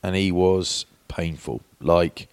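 Deep-voiced English man telling stories. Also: steady tone, takes it slowly, clear, resonant tone, no room sound. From England. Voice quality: British slang, says "mate" and "bloke". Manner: chatty storytelling, candid and warm toward old teammates. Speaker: podcast co-host. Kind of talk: casual chat.

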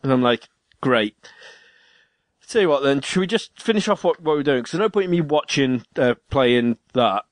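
A man's voice: mid-range voice, a little fast, hardly any pauses, no room sound. A man chatting casually and telling a home-repair story, swearing freely and acting out what people said. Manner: swears freely, tells stories with animated quoted voices. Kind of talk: casual chat.

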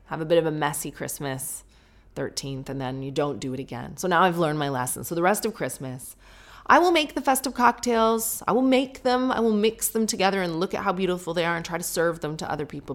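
British woman, solo podcast host with a slightly low voice, animated and self-mocking storyteller. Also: a little fast. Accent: British English. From Britain.

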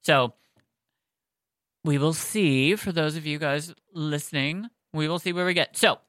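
A podcast co-host chatting excitedly about a book series and reading it aloud, with lots of "like" and fillers. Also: mid-range voice, measured pace, dry recording, clean studio sound. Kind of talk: excited casual chat and read-aloud.

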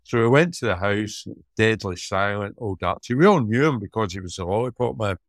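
A middle-aged Scottish man, a former police officer co-hosting a podcast, chatting and telling stories in a lively, joking way. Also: on the low side, a little fast, no room sound. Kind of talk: casual chat and storytelling.

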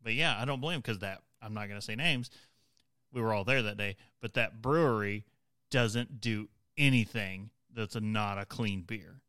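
A man's voice: fairly low pitch, normal speed, bright, forceful tone, no echo. A man co-hosting a podcast, telling a story with emphatic repetition. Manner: emphatic, repeats points for effect. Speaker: podcast co-host. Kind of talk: casual storytelling.

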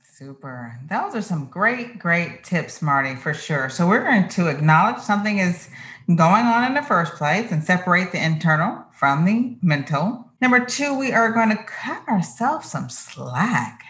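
A woman's voice: on the low side, sing-song, a little slow, fairly bright tone. A woman hosting a podcast interview, enthusiastic and affirming in casual chat. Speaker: podcast host.

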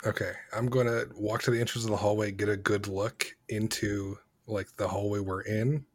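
A man playing a tabletop game in a lowish, flat voice. The sound is dry and close. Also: moderate pace, dry recording. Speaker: player.

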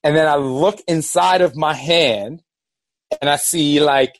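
Animated man telling a story. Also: on the high side, measured pace, slight background noise. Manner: animated, rambling, acts out quoted dialogue. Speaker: podcast host. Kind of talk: casual storytelling.

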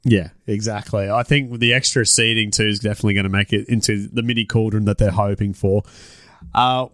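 A man's voice: lowish voice, fairly even intonation, brisk, a bit bright, dry recording. A man with an Australian accent hosting a podcast, laid-back and laughing often, swearing casually. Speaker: podcast host.

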